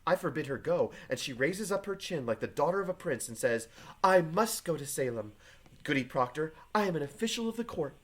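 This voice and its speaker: A man's voice: fairly high pitch, expressive, fairly quick, hardly any pauses, husky. A man reading a reserved, cold farm wife. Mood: guarded. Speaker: teacher reading a play aloud. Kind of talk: reading play aloud to a class.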